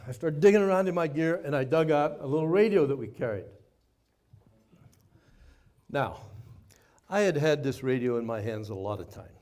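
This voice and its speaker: An older man giving a speech to a live audience, telling a war story in a folksy, self-mocking way with dramatic pauses. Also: on the high side, darkish tone. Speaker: guest speaker, former Navy pilot. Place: party venue before a live audience.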